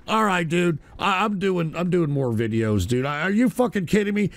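A man hosting a live radio show, shouting curses and sighing in frustration. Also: high-pitched, expressive, normal speed, few pauses, slight background noise. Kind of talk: angry live rant.

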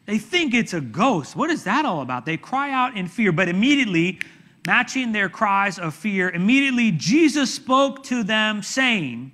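Male pastor, high-pitched and bright, preaching with dramatic shouts and hushes. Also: moderate pace. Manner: dramatic, animated storytelling with sudden shouts and hushed asides. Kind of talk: sermon.

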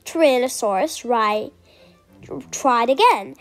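A woman reading a children's picture book aloud, slow, clear and expressive. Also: high-pitched, soft background music. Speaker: storyteller.

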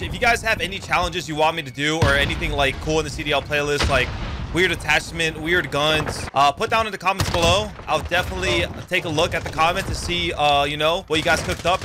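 A young man, a pro gamer, giving excitable live commentary over his own shooter gameplay. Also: a little high, noisy background. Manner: hyped, excitable, yelling at plays. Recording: loud game gunfire under voice. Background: shooter game gunfire.

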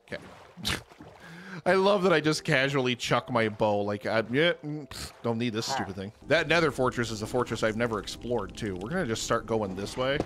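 A man hosting a gaming channel, chatting casually and excitably through his own gameplay and laughing at himself. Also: mid-range voice, brisk, slight background noise. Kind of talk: casual let's-play commentary.

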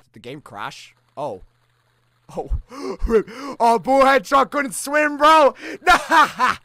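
A man hosting a let's-play reaction, jokey and excitable, breaking into shouts. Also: very high voice, very slow, faint music behind. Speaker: gaming channel host.

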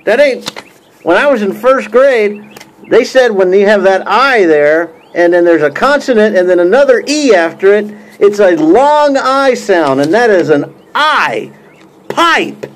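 A man's voice: sits high, expressive, measured pace. A man talking casually to camera in a joking mock roast, rambling with many fillers and restarts. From United States. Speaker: YouTube pipe-smoking vlogger.

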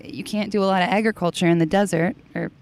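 An American woman talking casually as a podcast guest, chatty and quick to laugh. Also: lowish voice, steady tone, darkish tone. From United States. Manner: chatty, laughs easily, teasing. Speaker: podcast guest, CrossFit coach. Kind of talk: casual interview chat.

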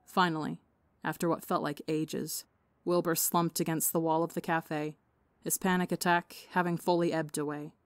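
A woman reading fiction aloud in a steady, measured way. Her voice sits low. The recording is dry and close to the mic. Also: dry recording. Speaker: audiobook podcast reader. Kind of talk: scripted narration of fan fiction.

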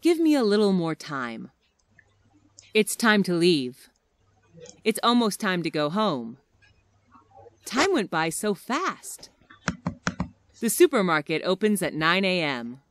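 A woman reads short everyday English phrases one at a time for listening practice, enunciating carefully and expressively. Her voice is on the low side and her pace is slow, with long pauses. There is no echo.

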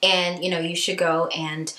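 A woman voicing a calm male police officer who gives steady, reassuring advice while she retells a story. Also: fairly low pitch, unhurried, echoey room.

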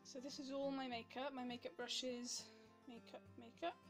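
Giggly high-voiced Welsh woman vlogging. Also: flat delivery, moderate pace, music in the background. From Wales. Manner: chatty and giggly, rambling with fillers. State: a little out of breath. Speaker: beauty vlogger. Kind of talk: casual chat to camera.

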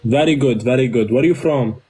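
A man's voice: mid-range voice, brisk, dark tone, slight background noise. A man calling in to a live stream, talking in playful broken English with a put-on accent.

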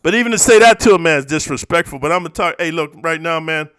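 A man from the eastern United States ranting at his viewers in a profane, confrontational monologue that swings between low muttering and loud outbursts. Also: fast, smooth, no room sound, clean studio sound. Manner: profane, confrontational, says "bro" constantly. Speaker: YouTuber reacting to comments.

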